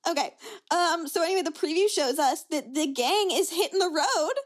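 A woman's voice: extremely high pitch, normal speed. A young woman co-hosting a podcast, casually recapping a reality show and acting out what people said. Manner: chatty storyteller, acts out quotes. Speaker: podcast co-host.

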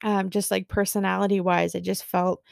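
A young woman hosting a podcast, telling a story in a gushing, excitable way with lots of fillers. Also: mid-range voice, moderate pace, vocal fry, no echo, studio quality. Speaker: podcast host. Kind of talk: casual storytelling monologue.

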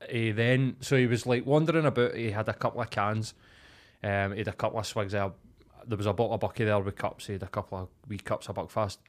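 A man with a Glaswegian accent, co-hosting a podcast and telling a sweary, animated story in casual chat. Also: fairly low pitch, fast. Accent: Scottish, Glaswegian. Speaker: podcast co-host.

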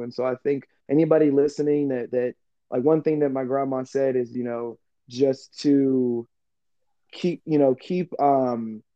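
A man hosting a casual podcast chat, talking in an animated way, laughing often and acting out remembered conversations. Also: medium pitch, dry recording, muffled recording. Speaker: podcast host.

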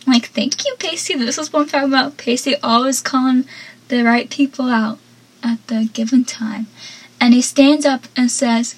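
A woman's voice: a little high, measured pace, breathy edge, low-quality recording. A young woman hosting a podcast, chatting casually and with strong opinions as she recaps a TV episode, with lots of "like.". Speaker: podcast host.

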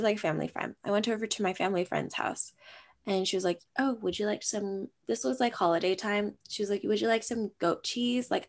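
A young woman co-hosting a casual chat, telling stories and acting out quotes with animated, rising energy. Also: medium pitch. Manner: animated, acts out her dad and herself in quotes. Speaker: podcast co-host.

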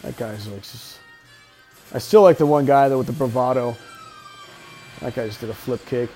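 A man talks loosely over a film he is watching, cursing freely and cracking offhand jokes in the flat tone of a casual podcast host. His pitch sits at an ordinary male middle. A film soundtrack plays faintly underneath. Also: moderate pace, soft background music. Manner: profane, wisecracking and offhand. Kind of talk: casual watch-along movie commentary.

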